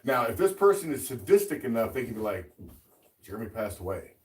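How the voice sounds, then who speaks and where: A man co-hosting a podcast with a mid-range voice, cutting in with quick questions and talking through his reasoning. The room is echoey and he sits back from the mic. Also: mid-range voice, big pitch swings, darkish tone. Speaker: podcast co-host. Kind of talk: casual podcast banter. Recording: roomy sound, mic at a distance.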